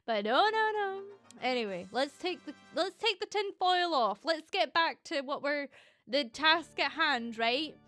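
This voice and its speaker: A woman's voice: high voice, expressive, measured pace, sharp tone, faint music behind. A Scottish woman streaming as a VTuber in casual, rambling chat, often swearing and breaking into laughter. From Scotland.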